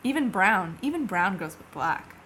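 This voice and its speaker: A woman plays a suspicious young witch who talks in a blunt, dry way and keeps her guard up. Her voice sits at an ordinary middle pitch, and a faint hum of room sound lies behind it. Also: big pitch swings, normal speed, pushed and bright. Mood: wary. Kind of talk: improvised comedy scene.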